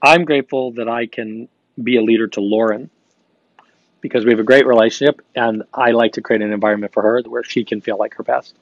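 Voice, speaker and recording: A man's voice: medium pitch, fairly quick, no echo. Upbeat man coaching a live audience. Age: young adult. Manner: energetic, upbeat, coaching, repeats phrases for emphasis. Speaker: host of a live gratitude show. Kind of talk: motivational live-stream talk reading viewer comments. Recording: dry, slightly dull stream audio.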